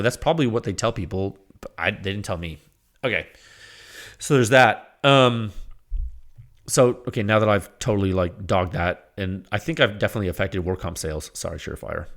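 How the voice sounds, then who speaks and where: A male podcast host talks in a loose, rambling monologue, his pitch swinging widely as he gets worked up. He laughs often and acts out little quoted exchanges, restarting sentences as he goes. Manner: animated, laughing often, exasperated rants.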